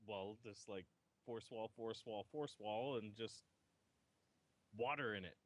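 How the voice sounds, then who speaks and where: A man's voice: lowish voice, a little slow. A man playing in a tabletop game over online voice chat, thinking aloud with fillers. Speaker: player.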